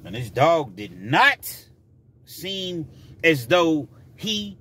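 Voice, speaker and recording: A man's voice: fairly high pitch, drawn-out words, husky. A man telling a personal story casually, acting out scenes as he goes. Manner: animated, acts out scenes.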